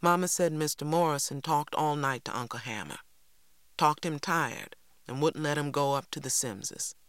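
A man voicing a serious older boy in a storybook, calm and secretive, speaking quietly and steadily. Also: on the high side, normal speed, clean tone, dry recording.

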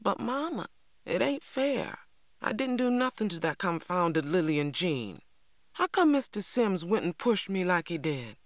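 A woman voicing a spirited, defiant young girl in an audiobook, indignant and quick to argue back. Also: on the low side, big pitch swings, no room sound, clean studio sound, pitched above the performer's own voice. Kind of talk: audiobook character voice.

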